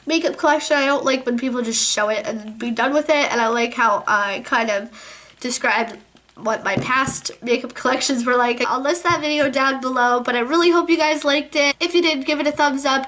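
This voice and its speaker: A woman beauty vlogger chatting casually at her makeup vanity at home, bubbly and quick to laugh. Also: sits high, pushed and bright. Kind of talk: casual product show-and-tell.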